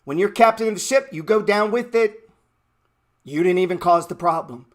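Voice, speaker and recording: A man's voice: sits high, normal speed. A man in his thirties hosting a trading show, giving a blunt, mocking, profane motivational rant. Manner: blunt, brash and mocking, heavy swearing.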